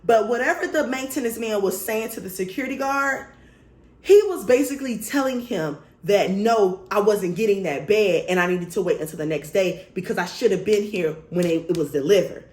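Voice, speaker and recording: Animated woman telling a story, echoey room. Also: mid-range voice, normal speed. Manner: animated, blunt and profane. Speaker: vlogger. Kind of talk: casual storytime.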